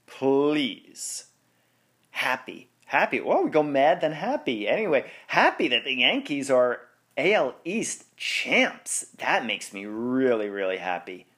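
A man's voice: mid-range voice, fairly bright tone. A man hosting a sports podcast in casual chat, rambling and correcting himself, with frequent laughs. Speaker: podcast host.

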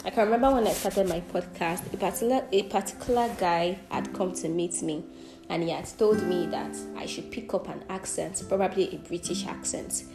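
A woman's voice: lowish voice, a little fast, vocal fry. A young woman from southwestern Nigeria with a Nigerian accent, hosting a solo podcast in an earnest, reflective way and often restarting her sentences. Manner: earnest, reflective, self-correcting with frequent restarts. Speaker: podcast host. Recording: echoey room with music behind.

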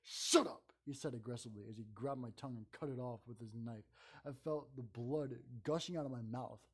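A man reading a first-person horror story aloud in a calm narrating voice. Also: medium pitch, a little fast, breathy edge.

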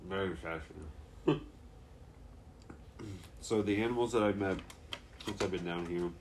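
Young guy, very low pitch, casual swearing storyteller, faint noise behind. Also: unhurried, a little mellow. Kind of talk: casual chat.

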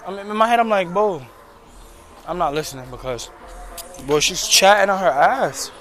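This vlogger has a high, somewhat bright voice. Filming on a handheld phone as he walks a city street at night, he swears his way through a rant about his job in a casual storytelling vlog.

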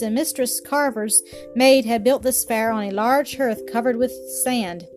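A woman reading a storybook aloud in a calm, even way. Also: on the high side. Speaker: narrator. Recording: faint music behind.

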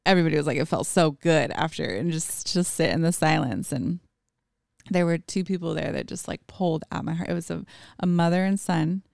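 Gravelly-voiced woman chatting casually. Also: sits low, a little fast, darkish tone, dry recording, studio quality. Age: adult with children. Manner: chatty, lots of fillers and acted-out quotes. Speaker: podcast guest. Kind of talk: casual conversation.

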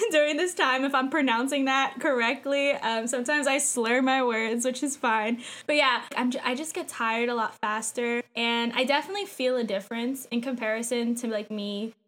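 A young woman co-hosting a casual chat podcast, rambling in a chatty way with lots of fillers and quick laughs. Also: on the high side, steady tone, a bit bright. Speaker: podcast co-host.

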